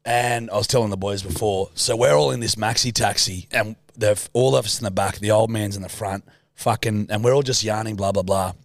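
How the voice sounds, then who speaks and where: A man's voice: on the low side, steady tone, fairly quick, gravelly, no echo. A man with an Australian accent, a podcast co-host telling a story in casual, sweary chat.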